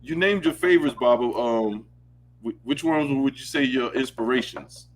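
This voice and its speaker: A man's voice: medium pitch, normal speed, a little hiss or hum. A man hosting a casual podcast interview, teasing his guests and laughing often. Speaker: host.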